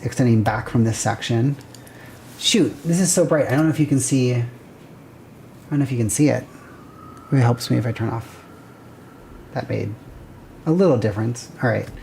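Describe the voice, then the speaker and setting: A woman's voice: a bass voice, dark tone, slight background noise. A woman hosting a livestream, casually thinking aloud and chatting with viewers while she sketches a building plan. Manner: rambling, self-correcting, chatty with viewers. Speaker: livestream host.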